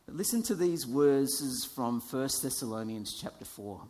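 Preacher, male, slow and animated, theatrical swings between loud and hushed, long hall reverb. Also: medium pitch. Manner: dramatic, swinging from loud to whispered; light self-deprecating humor. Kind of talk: sermon. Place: church.

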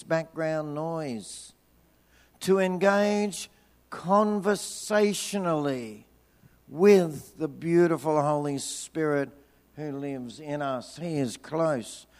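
A man preaching a sermon, telling a personal story with energy, then dropping into hushed, slow prayer. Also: a little high. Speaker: pastor.

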